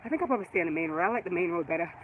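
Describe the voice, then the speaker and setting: A woman's voice: on the low side, lively intonation, racing, phone-quality sound. A woman in her forties with a Jamaican accent, chatting casually and rambling on a live stream while she walks outdoors, laughing often. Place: outdoors on a residential street. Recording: outdoor street noise with passing traffic.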